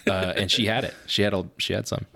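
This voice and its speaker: A man co-hosting a podcast, telling animated stories about being a father and often laughing at his own anecdotes. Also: on the low side, fast, vocal fry. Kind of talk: casual chat.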